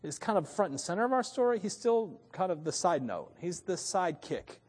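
Pastor guy preaching, chatty and lively, slightly higher voice, lots of hall echo. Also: a little fast, husky. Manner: conversational, animated storytelling with laughs. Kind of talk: sermon.

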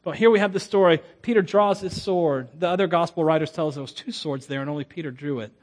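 A man preaching a sermon as a pastor, telling the story with lively humor and frequent stammering restarts. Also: fairly high pitch, fast. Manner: animated, acts out quotes with humor, stammering restarts.

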